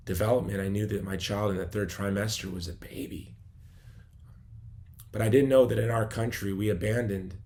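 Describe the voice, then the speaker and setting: A middle-aged man from Chicago giving an earnest personal testimony at a gala, dropping to quiet asides. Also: on the low side. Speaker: gala speaker.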